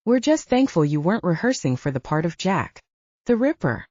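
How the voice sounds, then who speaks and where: Brief: a dry-witted, thoughtful young woman for an audiobook read by a woman, lively pitch, muffled. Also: a little fast, no echo.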